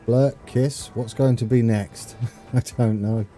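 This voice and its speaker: A man's voice: mid-range voice, steady tone, slow pace, dark tone. A man from the UK chatting casually with viewers on a live stream while playing a train game, rambling and chuckling as he reads chat. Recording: faint game music behind.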